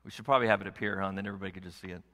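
A male pastor delivers a sermon in a bright, forceful voice. He moves between hushed, intimate passages and loud, pressing exhortation. The sound carries a long reverb from a large church sanctuary. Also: low voice, steady tone, racing.

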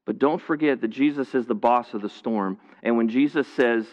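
Pastor, male, mid-pitched voice, conversational sermon full of restarts, slightly muffled in a reverberant church hall. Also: a little fast, hardly any pauses, a little mellow. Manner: conversational preaching with frequent restarts and repetition. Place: church, streamed to viewers at home.

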